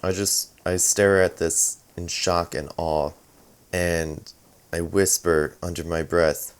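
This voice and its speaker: A man playing a tabletop role-playing game, describing his character's actions in hesitant, low-key talk. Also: steady tone, takes it slowly, smooth. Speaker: player.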